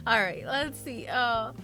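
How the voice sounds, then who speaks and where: A woman's voice: on the high side, pushed and bright. A woman streamer who chats, reads a story aloud and greets viewers in a bubbly, giggly, gushing way. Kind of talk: casual stream chat and book reading. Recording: guitar music behind.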